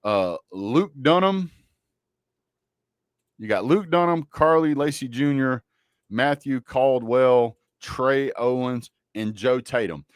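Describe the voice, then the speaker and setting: A man's voice: medium pitch, takes it slowly, clear, resonant tone, no room sound, clean studio sound. A man hosting a casual college football livestream, joking and trash-talking bluntly about teams and players. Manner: joking, blunt trash talk with a Southern drawl of words. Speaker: sports livestream host.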